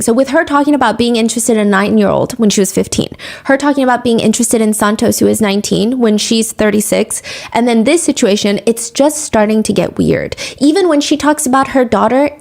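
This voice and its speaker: A woman hosting a storytelling podcast, her voice sitting a little high. She talks in a casual, animated way and puts her own opinions into the story. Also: gravelly. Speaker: podcast host. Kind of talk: true-crime storytelling podcast.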